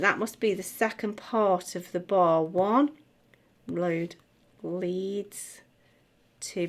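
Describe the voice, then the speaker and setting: A middle-aged woman gives a music theory lesson at an easy, slow pace. Her pitch sits in the middle of the range, and her tone is chatty. She sounds out words syllable by syllable while writing them down. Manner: chatty, self-correcting, sounds out words slowly as she writes. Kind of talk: tutorial, talking while writing.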